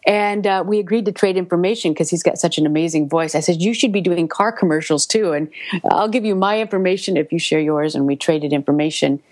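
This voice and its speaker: A middle-aged woman, a voice actor, telling stories in a casual interview, lively and laughing, repeating words when excited. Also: on the low side, fast talker, no room sound. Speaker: voice actor guest.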